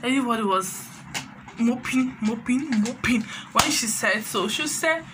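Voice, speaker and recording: A woman with a Nigerian accent chatting through a casual gossip recap of a reality show, animated and sprinkling in Pidgin phrases. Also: a little high, unhurried, background noise.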